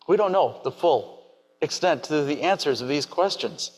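A man preaching a sermon in a measured, reflective way, asking many rhetorical questions. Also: a little high, animated, a little mellow, slightly rough, rough recording. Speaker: pastor.

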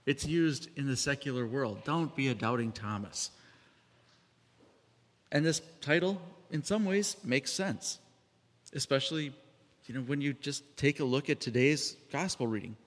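A man delivers a sermon in a relaxed, conversational tone, at times slipping into other voices for the people he quotes. His voice sits at an ordinary middle pitch. It rings out with a long reverb, as if he is speaking in a large hall. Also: a little slow. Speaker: preacher.

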